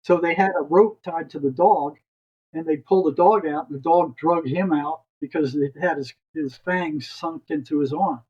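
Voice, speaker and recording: A man's voice: fairly high pitch, moderate pace, a little mellow, slightly rough, muffled recording. An older retired psychotherapist, a man, telling a long story as a podcast guest, rambling and restarting his words.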